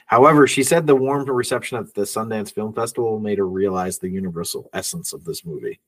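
A man's voice: lowish voice, fairly quick, breathy edge, distant mic. A man co-hosting a casual film podcast, reading out trivia notes and laughing often. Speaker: podcast co-host.

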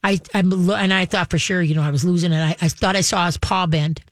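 A woman's voice: lowish voice, fairly even intonation, fast, dry recording. A woman telling a long story in casual conversation, full of fillers and restarts. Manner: rambling, many fillers and restarts.

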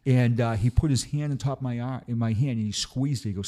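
A man's voice: mid-range voice, fast, warm tone. A middle-aged man, a retired police officer, telling stories in a casual chat, often stammering and repeating words. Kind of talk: casual storytelling.

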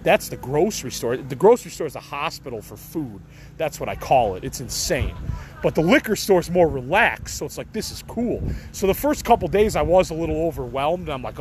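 A man's voice: on the high side, expressive, a little fast, darkish tone, a little hiss or hum, poor audio. A middle-aged man from the Chicago area hosting a podcast, talking in a casual, rambling, profane way and laughing things off. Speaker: podcast host.

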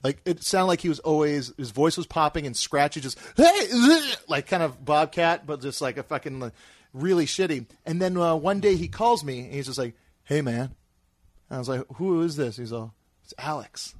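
A man's voice: on the high side, a little fast, dry recording. A man hosting a podcast, rambling and joking in casual chat. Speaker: host.

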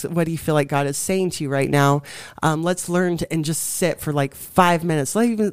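A woman's voice: low-pitched, a little mellow, clean tone, dry recording, studio quality. A young woman, a guest in a faith interview, who tells her own story with energy and acts out what she and others said.

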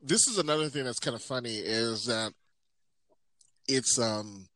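A man's voice: medium pitch, measured pace, heavy background noise. A man of forty from Southern California in a casual chat, telling rambling stories full of fillers and restarts. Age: 40s.

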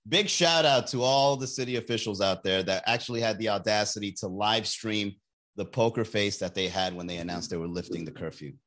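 A man's voice: medium pitch, a bit bright. A man ranting casually and comedically as a podcast host, loose and slangy, swearing and laughing at his own jokes. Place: Miami area.

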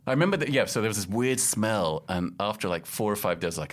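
A man's voice: fairly low pitch, fast, hardly any pauses. A middle-aged man from London and Casablanca, chatting in an interview, a wry self-mocking storyteller who laughs often. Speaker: podcast host and guest. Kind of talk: casual interview chat.

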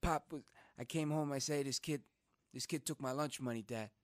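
A man's voice: medium pitch, normal speed, no room sound, clean studio sound, close to an everyday voice. A man voicing his brother as a boy telling their father about a bully, in a plain, matter-of-fact way.

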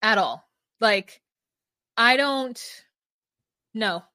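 A woman's voice: on the high side, lively intonation, very slow, bright, forceful tone, dry recording, clean studio sound. A woman co-hosting a podcast, chatting casually and opinionatedly with lots of fillers. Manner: emphatic, full of fillers, opinionated. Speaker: podcast co-host. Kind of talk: casual chat recapping a reality show.

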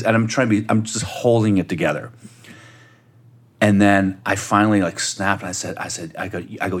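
A man, a guest on a podcast, telling a personal story in a casual, animated way and acting out the voices he quotes. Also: on the low side, fairly quick.

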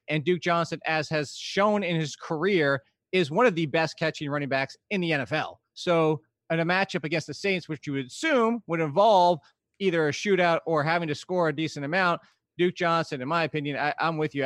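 Slightly high-voiced man, dry sound. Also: fairly bright tone, dry recording. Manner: analytical, long explanations, laughs easily. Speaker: podcast co-host. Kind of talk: casual sports talk.

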